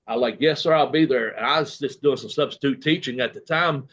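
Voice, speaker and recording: A man tells long, loose anecdotes, acting out what others said, with plenty of "uh" and "you know." His voice sits at an ordinary middle pitch. The recording sounds slightly muffled and lo-fi. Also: fairly quick, fairly bright tone. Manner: rambling anecdotes with quoted dialogue and fillers. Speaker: guest, retired professional wrestler. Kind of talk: casual storytelling interview.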